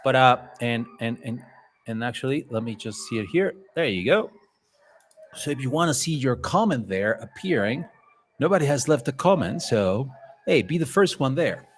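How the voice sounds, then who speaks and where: A man's voice: mid-range voice, expressive, moderate pace. A man hosting a livestream in a chatty, rambling, playful way. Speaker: livestream host. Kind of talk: casual live chat.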